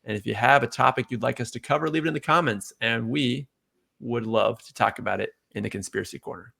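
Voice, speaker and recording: A man hosting a casual podcast chat, telling a rambling story and getting animated when he quotes people. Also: medium pitch, fast, creaky. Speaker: podcast host.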